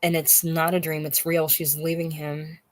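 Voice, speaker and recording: A person rambling about a novel in an unscripted monologue, halting and repeating words, circling back to a point and swearing for emphasis. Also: mid-range voice, level tone, no room sound. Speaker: book discussion host.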